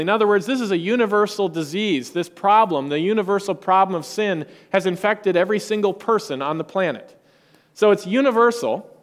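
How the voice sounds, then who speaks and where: A pastor preaching a sermon, emphatic and rhetorical. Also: male voice, high voice, big-room sound.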